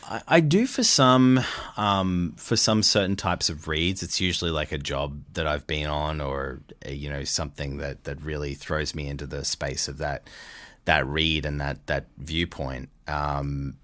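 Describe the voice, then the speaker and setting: A middle-aged Australian man with a very deep voice, chatting loosely as an interview guest. He laughs often and circles back over his own sentences. The recording is dry and close, with no room sound. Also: measured pace, fairly bright tone, dry recording. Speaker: voice actor guest. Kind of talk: casual interview chat.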